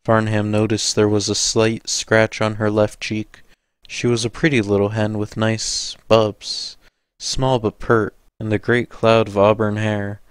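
A man narrating an audiobook in a measured, steady way. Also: fairly low pitch, clean tone, dry recording.

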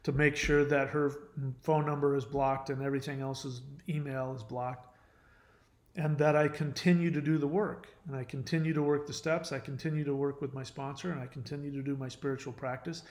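A man's voice: medium pitch, flat delivery, fairly quick, darkish tone, echoey room. A man hosting his own channel, talking earnestly and confidingly to the viewer in a casual way, often restarting and trailing off. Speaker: channel host. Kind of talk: casual personal talk to camera.

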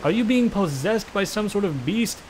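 A gaming video creator reacting excitably to gameplay with yelling and swearing. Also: male voice, high-pitched, normal speed, slight background noise. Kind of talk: let's play commentary. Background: game music.

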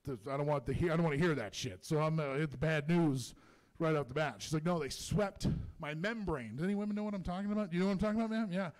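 A man performing a stand-up comedy set in a comedy club, telling stories in an animated, profane way. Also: on the high side, very fast.

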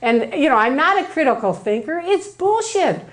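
A woman giving a personal storytelling talk, animated and acting out the voices she quotes, often tagging lines with "right?". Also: sits high, moderate pace. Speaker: speaker giving a public talk.

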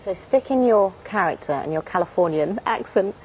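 A woman TV presenter in a breakfast studio interview, asking brisk, leading questions. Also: mid-range voice, animated, darkish tone, a little hiss or hum, rough recording.

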